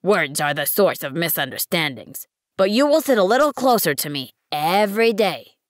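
A woman voicing a wise, patient male fox in an audiobook, speaking in a measured, earnest way. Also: on the low side, big pitch swings, no room sound, clean studio sound. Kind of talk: audiobook reading.

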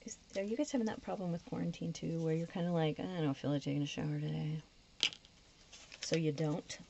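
A woman's voice: low-pitched, fairly even intonation, fairly quick, vocal fry, dark tone. A woman chatting casually while decorating a planner, often slipping into a whisper, her voice getting a little tired. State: voice starting to go. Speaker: planner vlogger. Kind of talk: casual plan-with-me chat. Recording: dull lo-fi recording with faint noise.

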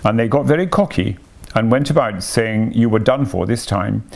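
A man's voice: lowish voice, normal speed, gravelly. A man voicing a sensible, earnest male water rat who speaks emphatically in a read-aloud storybook. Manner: emphatic, impressive.

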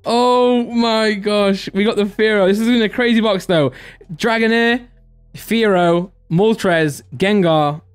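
A young man hosting a live stream, chatty and excitable, laughing often and giving shout-outs to viewers. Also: high voice, unhurried, clean tone, faint music behind. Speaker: live-stream host opening card packs.

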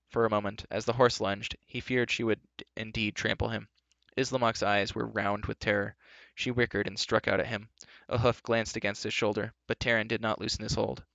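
A man reads a story aloud with a low, gravelly voice in a steady, even manner. The sound is dry and close with a dull, lo-fi quality. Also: no room sound. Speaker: narrator. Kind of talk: live storybook reading.

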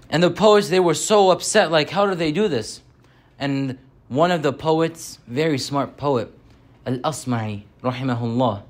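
A young man giving a Friday sermon as a story, animated and slowing down on key points. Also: on the high side.

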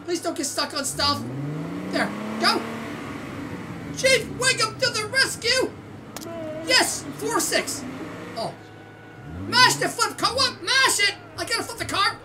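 A woman from Canada hosting a gaming channel, giving excitable let's-play commentary with squeals, shouts and laughter. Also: high voice. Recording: distant mic with loud game noise.

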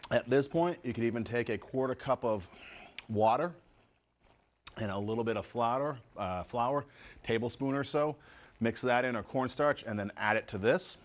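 Guy running a cooking show in his kitchen, chatty, mid pitch, keeps tasting and talking to the folks. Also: moderate pace. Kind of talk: casual home cooking show.

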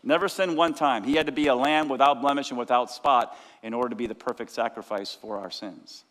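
A male pastor preaching a lively sermon, sometimes shouting out the lines of the people in his story. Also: mid-range voice, a little fast. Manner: energetic preaching, acts out disciples' cries. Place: church sanctuary. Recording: long church hall reverb.

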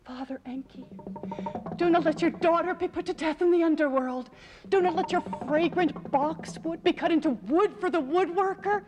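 A woman's voice: sits high, monotone, normal speed, hardly any pauses, in a large hall, music in the background, lightly acted. A woman storyteller voicing a loyal female servant who pleads urgently with raised voice. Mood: pleading.

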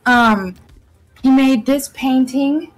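A woman's voice: sits high, takes it slowly, soft background music, low-quality recording. A young woman chatting casually as a guest on a live stream podcast, rambling with many fillers and restarts.

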